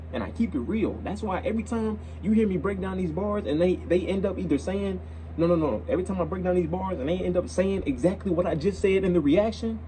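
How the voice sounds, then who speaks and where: A man's voice: high voice, mellow, a little hiss or hum, rough recording. A young man hosting a reaction video, talking in a casual, slangy way and repeating himself as he gets worked up.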